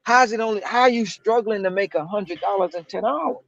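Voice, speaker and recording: A man with a fairly high voice tells a story in relaxed chat, slangy and lively, jumping way up in pitch whenever he acts out what someone said. The sound is dull and lo-fi, close and dry with no room around it. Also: brisk, no echo. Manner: animated, slangy, acts out quotes with big pitch jumps. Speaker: delivery driver. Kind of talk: casual storytelling.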